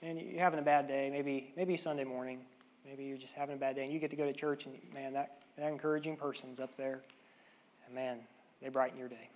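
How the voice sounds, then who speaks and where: A man preaching a sermon in an earnest way, repeating key phrases and swinging between loud emphasis and quiet asides. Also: mid-range voice, little pitch movement, a little fast. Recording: dull, lo-fi sound.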